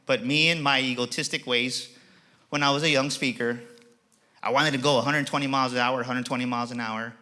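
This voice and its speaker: A man giving a motivational keynote speech to a live audience, energetic and acting out dialogue in changing voices. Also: mid-range voice, a little fast. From Texas. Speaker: motivational speaker. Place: auditorium.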